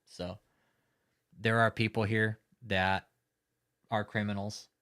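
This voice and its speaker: A man's voice: lowish voice, level tone, takes it slowly, a bit bright, clean tone. Profane, ranting man on a livestream. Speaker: livestream host. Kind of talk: angry live-stream commentary.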